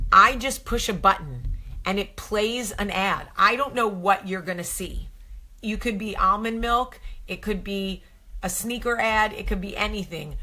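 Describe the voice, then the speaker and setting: A woman's voice: mid-range voice, sharp tone. A woman hosting a live advice chat, talking straight to viewers, chatty and effusive as she answers their comments. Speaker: host of a live advice show. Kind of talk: casual live-stream chat.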